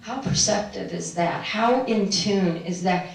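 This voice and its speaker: A woman's voice: mid-range voice, measured pace, gravelly. A middle-aged woman telling a personal spiritual story to a live audience, meandering and laughing often. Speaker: spiritual speaker. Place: room with an audience. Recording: very echoey room, distant mic.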